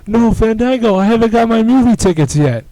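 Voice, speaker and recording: A man impersonating a cocky male wrestler who keeps mocking a rival's name with drawn-out teasing delivery. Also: high voice, lively intonation, mellow, voice pushed up, poor audio.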